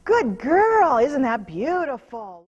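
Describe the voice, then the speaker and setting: A woman horse trainer giving a hands-on demonstration, mixing soft repeated praise and hushed soothing with firm commands and calm explanations to viewers. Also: high voice, takes it slowly, husky, dull audio. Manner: drops into hushed near-whispers when soothing.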